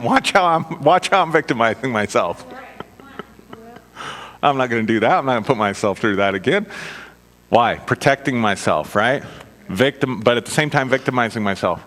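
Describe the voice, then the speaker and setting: A middle-aged man preaches in an easygoing, conversational way, mixing personal stories with self-mocking asides and frequent quick check-ins with his listeners. His voice sits at an ordinary mid pitch. It carries a long reverb, as if recorded in a large hall. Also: fairly bright tone. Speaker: minister.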